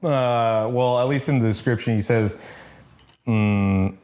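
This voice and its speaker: A man's voice: medium pitch, slow. Laid-back male co-host, mid-range voice, hesitant and casual. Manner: relaxed, hesitant, lots of fillers. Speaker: podcast co-host. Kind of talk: casual album review chat.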